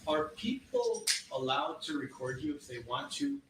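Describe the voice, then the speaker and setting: A man cross-examines a witness, asking pointed questions and pressing for yes-or-no answers in a fairly high voice. He is picked up from a distance in a reverberant courtroom, with clear background noise. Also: huge pitch swings, normal speed.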